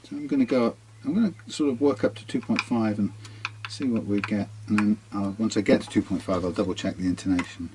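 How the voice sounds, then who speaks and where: A man's voice: fairly low pitch, quick pace, hardly any pauses, background noise. A man working as a guitar technician, talking himself through a hands-on workshop demonstration in a musing way.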